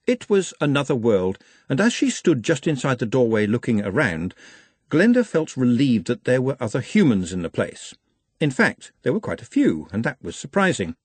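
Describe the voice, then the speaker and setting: Husky male audiobook narrator. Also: mid-range voice, normal speed, dry recording. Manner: wry, animated reading.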